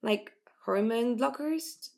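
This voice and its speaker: A wry teen girl who teases her friends but stands by them, as a woman reads her in a storybook. Her lines come with a dry edge. The voice carries a slight rasp. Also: on the high side, slow, a little mellow. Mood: earnest. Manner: teasing, wry.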